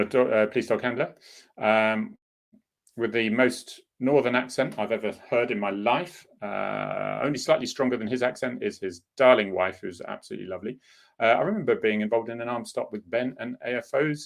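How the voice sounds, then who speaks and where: A man's voice: medium pitch, creaky. A middle-aged man, a former police officer, hosting a casual solo chat in a rambling, opinionated way. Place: home in Cornwall.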